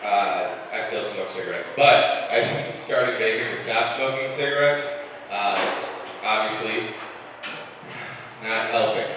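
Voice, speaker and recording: A man's voice: fairly low pitch, a little slow, background noise. A young man performing live stand-up in a comedy club, out of breath, loose and self-deprecating as he chats with the crowd. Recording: roomy club reverb, mic heard from a distance. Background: live audience, club ambience.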